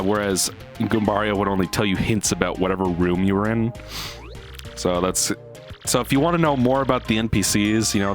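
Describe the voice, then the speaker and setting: A young man casually commentating his gameplay, rambling and explaining game details. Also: lowish voice. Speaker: let's play host. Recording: faint game music behind.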